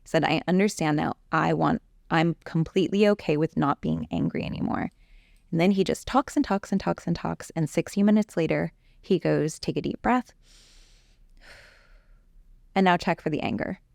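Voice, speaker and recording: Gravelly, low-voiced woman telling a story. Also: fairly quick, no room sound, studio quality. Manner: animated, acts out quoted exchanges with a therapist. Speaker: coach. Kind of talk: storytelling in a conversational interview.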